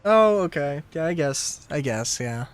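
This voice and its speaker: A young man does loose, rambling commentary over a live game, often laughing and cutting himself off. His voice sits a bit high and stays smooth and clear. He speaks slowly, and the sound is dry and close. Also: expressive, dry recording. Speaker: game streamer. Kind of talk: casual live gameplay commentary.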